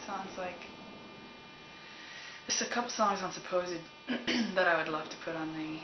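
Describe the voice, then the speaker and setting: A Canadian musician with a low voice answers fan questions in a casual chat, laughing often and rambling candidly. She talks at a measured pace, captured in a roomy, dull, noisy recording.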